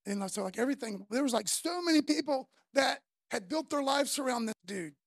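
A woman preaching a casual sermon, slangy and conversational, telling the story in an animated way. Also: sits high, a little fast, gravelly, husky, no room sound, clean studio sound.

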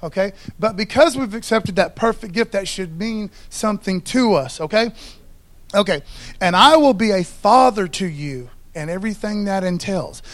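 A man's voice: high voice, lively intonation, normal speed. A man preaching a sermon in a loose, conversational way, often checking in with the congregation. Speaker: pastor.

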